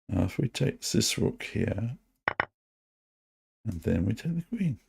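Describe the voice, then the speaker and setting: A man with a New Zealand accent streaming online chess, muttering to himself as he plays and gently mocking his own moves. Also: on the low side, sing-song, slow pace, vocal fry, pauses often, slightly rough. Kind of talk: live online chess commentary.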